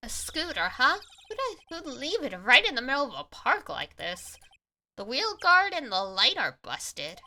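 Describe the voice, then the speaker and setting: A woman's voice: high-pitched, very animated, unhurried, bright, forceful tone, exaggerated voice. A woman reading a flustered young lawyer. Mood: musing. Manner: flustered, mild inner musing. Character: earnest young male defense lawyer.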